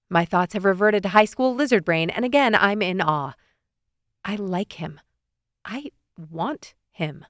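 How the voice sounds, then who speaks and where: A woman narrating a first-person romance audiobook with lively, expressive delivery. Her voice is smooth and clear, mid-pitched, and sits close and dry on a studio mic. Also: dry recording. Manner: lively, expressive, quick to rise into excited questions.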